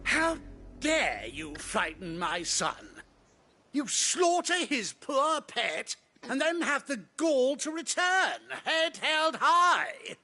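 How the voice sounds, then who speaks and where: A man's voice: sits high, wildly swooping pitch, slow pace, sharp tone, soft background music, heavily acted. An actor playing an arrogant, cruel nobleman in a video game, with a haughty, theatrical, sneering delivery. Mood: haughty outrage. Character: arrogant cruel nobleman, middle-aged man.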